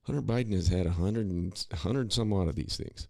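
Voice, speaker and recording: A man's voice: deep voice, normal speed, gravelly, mellow, dry recording, studio quality. A man co-hosting a podcast, talking in a rambling, opinionated way with many restarts and asides. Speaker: podcast co-host. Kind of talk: casual political commentary.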